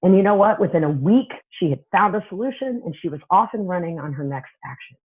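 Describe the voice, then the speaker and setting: A woman's voice: lowish voice, breathy edge. A woman therapist and coach giving a teaching talk, conversational and often checking in with "right?". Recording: tinny phone-like audio.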